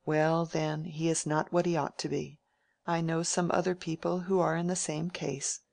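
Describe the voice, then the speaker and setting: A frank, outspoken young woman from a period novel, voiced by a woman audiobook reader. She talks bluntly and with dry wit. Her voice sits low, close to the reader's own. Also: little pitch movement, moderate pace, vocal fry, a little mellow, dry recording. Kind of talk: audiobook character reading.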